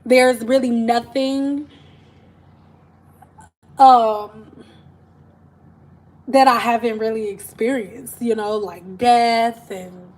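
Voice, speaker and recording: A woman's voice: fairly high pitch, steady tone, very slow, long pauses, darkish tone. A woman hairstylist telling stories in a chatty, slangy way on a casual live stream from home. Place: at home, TV in another room.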